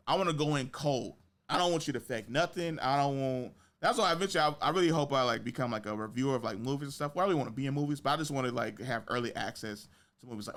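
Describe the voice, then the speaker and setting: A young man hosts a podcast in easy, slangy chat, winding through his stories at a mid pitch. He swears freely and lets the tale run on. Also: quick pace. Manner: animated storytelling with big pitch jumps in quoted reactions; slangy, profane speech. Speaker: podcast host. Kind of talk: casual chat.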